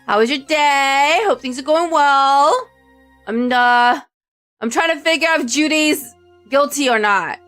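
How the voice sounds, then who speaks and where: Young woman streamer, chatty, higher voice, reacts aloud, faint game music. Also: unhurried, fairly bright tone. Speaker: VTuber streamer. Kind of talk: casual game commentary.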